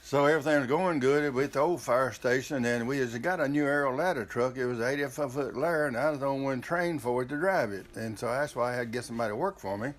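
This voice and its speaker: A man's voice: medium pitch, quick pace, hardly any pauses. An older man, telling a family story in a rambling, casual way with frequent restarts.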